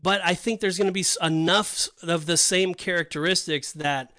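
Bright-voiced man discussing scripture. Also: high voice, moderate pace, no echo. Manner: rambling, restarts often, explains with scripture references. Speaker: podcast co-host. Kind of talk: casual Bible discussion.

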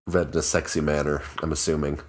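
A man with an extremely low, deep voice chats casually as a podcast co-host. He teases his friends with a dry, wry wit. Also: level tone, fast talker, husky. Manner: dry, teasing humor. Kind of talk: casual chat.

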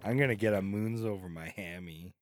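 A man's voice: low voice, brisk. A young man acting in a friend's film, laid-back and wry. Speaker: amateur actor. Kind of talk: casual banter.

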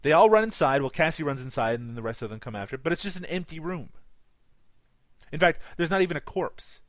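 A man's voice: a little high, animated, quick pace, no room sound. A man with a light Newfoundland accent recapping a movie in casual podcast chat, laughing often and swearing casually. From Newfoundland, Canada. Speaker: podcast co-host.

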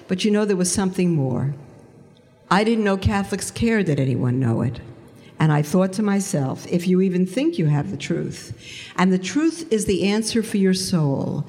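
A woman with a medium-pitched voice shares a faith testimony before an audience, bringing her story to life by acting out the conversations. A long reverb tail follows her words.

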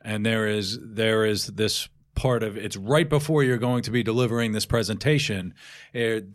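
A man's voice: on the low side, normal speed. A man hosting a podcast, who recaps what the guest said and prompts him with questions. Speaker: podcast host. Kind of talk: conversational interview.

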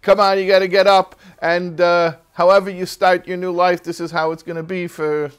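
A man's voice: high-pitched, little pitch movement, moderate pace, smooth, voice pushed up, natural voice. Man doing an eager inner conscience, urging, encouraging, raised voice. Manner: urgent, encouraging. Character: urging inner good voice pushing a groom to get up.

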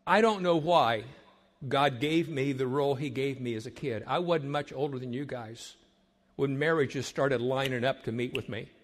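An older man, a marriage counselor, gives an emphatic sermon-like talk to young people, building repeated phrases and sometimes dropping to a hush. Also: mid-range voice, moderate pace. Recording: long hall reverb.

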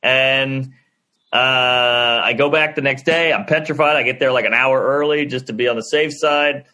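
A man, a stand-up comedian, telling a story on a podcast in an animated way and acting out the people in it. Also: medium pitch, moderate pace. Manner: animated, acts out the people in his stories.

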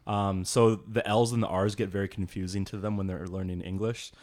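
A man's voice: low-pitched, flat delivery, fairly quick, darkish tone. A young man in casual podcast chat, talking loosely with many "like"s and acting out quotes. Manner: chatty, full of "like", acts out quotes.

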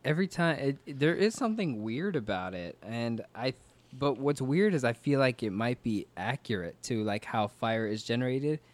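Musing man with a lower voice. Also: animated, normal speed, no echo. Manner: musing, hesitant, thinking aloud. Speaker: commentator. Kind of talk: casual reaction chat.

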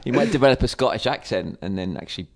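A man's voice: medium pitch, animated, fast, crowd noise. A British man co-hosting a podcast, bantering with dry teasing humor. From Britain. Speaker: podcast co-host. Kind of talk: casual banter.

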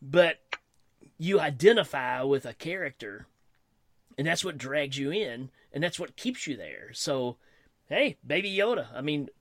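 A man's voice: on the high side, big pitch swings, a little slow, no echo, studio quality. A man talking enthusiastically in a casual conversation, laughing easily. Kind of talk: casual fan chat.

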